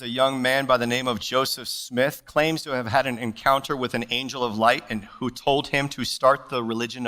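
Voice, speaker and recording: A man preaching a sermon as pastor, animated and playful, slipping jokes and asides between scripture readings. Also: a little high. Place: church service.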